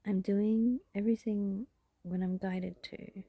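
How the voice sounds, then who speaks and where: A woman's voice: medium pitch, fairly even intonation, slow pace, warm tone, husky, no room sound. A woman talking to camera in a rambling, self-reflective vlog monologue, laughing often. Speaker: vlogger.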